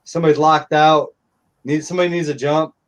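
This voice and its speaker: A man's voice: fairly high pitch, fairly even intonation, a little fast. A middle-aged man telling stories in casual live-stream chat, blunt and profane.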